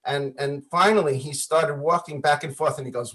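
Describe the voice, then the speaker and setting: A man telling stories as a guest on a video call interview, animated, often acting out the voices in his anecdotes and laughing. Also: fairly high pitch, moderate pace. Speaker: guest musician.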